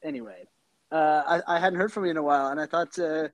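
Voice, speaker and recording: A man's voice: a little high, fairly even intonation, fast talker, dry recording, poor audio. A man co-hosting a podcast in casual chat, joking and laughing often. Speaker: podcast co-host.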